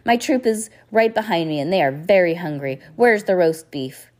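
Brief: woman voicing a scratchy, bullying villain count from a storybook reading, loud and demanding, lowish voice. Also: normal speed. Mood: menacing. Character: scheming greedy male count, tall, menacing.

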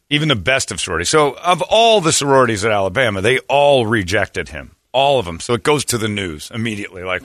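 A middle-aged man hosting a radio talk show, telling crude jokes and stories in loud, animated banter. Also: fairly low pitch, fast talker, no room sound, clean studio sound. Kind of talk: casual comedic banter.

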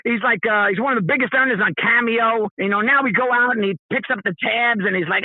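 A middle-aged man, a podcast guest, telling a story in a casual, animated way, repeating phrases and mimicking other people's voices. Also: sits high, fast talker, hardly any pauses, no echo. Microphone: phone call. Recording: tinny phone line.

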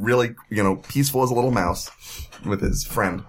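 A man's voice: mid-range voice, fairly quick, a little hiss or hum. A man narrating as game master for a tabletop game, rambling with fillers and sound effects.

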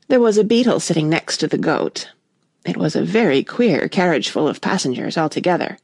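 Husky woman reading a storybook aloud. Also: deep voice, moderate pace, no echo, studio quality. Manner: lively expressive reading. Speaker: narrator.

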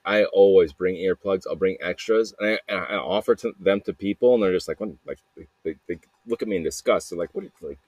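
A young man from Arizona, slightly hoarse from yelling, talking alone in a rambling, restless, jokey way, with many restarts. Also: sits low, dry recording. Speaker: podcast host. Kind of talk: rambling solo voice memo.

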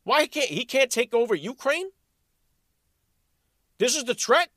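Host, male, high voice, sarcastic and animated monologue, dry close mic. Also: measured pace, no echo. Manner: animated, sarcastic, rhetorical questions. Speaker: podcast host. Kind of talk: political commentary monologue.

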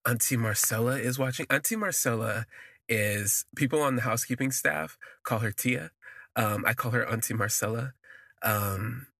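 On his podcast, a man recounts a personal story in an easygoing way, full of fillers and lingering words. His voice is medium in pitch, gravelly and a little husky, at a moderate pace. It sounds close and dry, with no room sound or echo.

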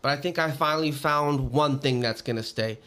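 A man's voice: on the high side, moderate pace, bright, forceful tone. A young man talking as a musician guest on a podcast, loose and profane with lots of fillers. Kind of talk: casual podcast chat.

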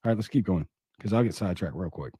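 A man's voice: sits low, expressive, quick pace, warm tone, husky, no room sound. A man hosting a commentary podcast, reading an article aloud and breaking off into sarcastic, indignant asides. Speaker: podcast host.

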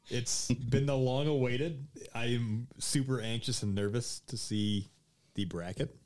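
A man's voice: mid-range voice, slow pace, long pauses, a little mellow. A man co-hosting a podcast, chatting in a laid-back, self-deprecating way. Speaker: podcast co-host. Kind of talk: casual chat.

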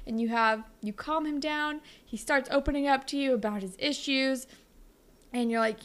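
A young woman co-hosts a casual podcast, her voice sitting a little high with a noticeable gravelly fry. She rambles through her stories, leaning on "like" and quick asides. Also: a bit bright. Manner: rambling storyteller, full of "like". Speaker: podcast co-host. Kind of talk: casual chat.

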